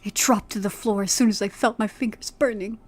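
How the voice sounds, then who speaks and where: A woman's voice: mid-range voice, steady tone, fairly quick. A woman streamer reading a horror story aloud with dramatic delivery, then chatting casually with a friend.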